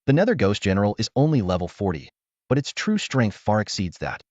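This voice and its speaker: A man voicing an older, hearty veteran warrior who is resolute and proud, speaking in a booming, commanding way. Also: very animated, a little fast, darkish tone, no room sound, dull audio.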